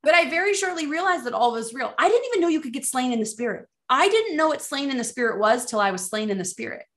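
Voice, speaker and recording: A middle-aged woman, a ministry leader and coach, chatting as a podcast guest and acting out her own reactions with sudden high pitch jumps. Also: sing-song, fast, fairly bright tone. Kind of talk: casual faith podcast chat, storytelling.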